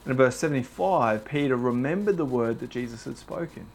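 A young man preaching a sermon, telling the story with animated, dramatized delivery. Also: medium pitch, a little fast, creaky, slight background noise.

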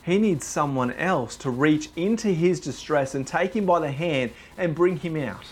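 A man's voice: fairly high pitch, moderate pace, breathy edge. Aussie guy giving a sermon, young, acts out the story, voice jumps all over. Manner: animated storytelling, dramatizing quoted lines. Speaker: preacher.

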